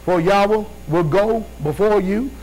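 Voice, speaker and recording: A man's voice: high voice, measured pace, a little mellow, low-quality recording. A male preacher giving a fervent sermon, reading scripture with rhythmic call-and-response asides.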